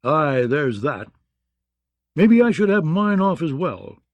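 A man voicing a gruff, bawdy, blustering male knight in an audiobook, with a mocking, growling manner. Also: on the high side, very animated, slow pace, dry recording, muffled recording, pitched above the performer's own voice, exaggerated voice. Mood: teasing. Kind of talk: audiobook character voice.

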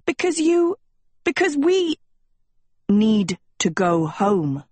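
A vain teenage girl who sees herself as a princess, put on by a woman reading a storybook. Her voice sits high and sugary above the reader's own, sweetly haughty, with a husky edge. The sound is dry and close. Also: big pitch swings, a little slow, darkish tone, no room sound, exaggerated voice. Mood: scornful.

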